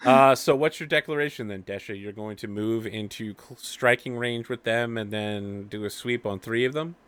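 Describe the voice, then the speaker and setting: A man acting as game master, explaining the rules in a relaxed way and laughing easily. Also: fairly low pitch, moderate pace, clear, resonant tone. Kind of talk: running a tabletop game.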